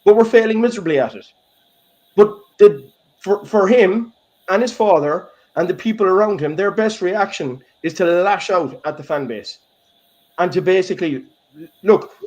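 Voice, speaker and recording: A man's voice: on the high side, a little mellow. A man with a Kerry Irish accent giving heated, emphatic podcast commentary, tagging his points with "okay?" and "right?". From Ireland, County Kerry. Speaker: podcast co-host, blogger. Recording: muffled lo-fi online call audio.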